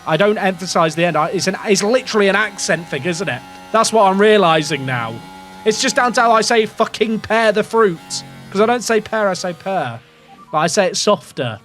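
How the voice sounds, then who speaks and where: High-voiced English man chatting over gameplay. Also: brisk, a bit bright, faint music behind. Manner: rambling, self-questioning, occasional swearing. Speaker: gaming streamer. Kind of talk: casual game commentary to chat.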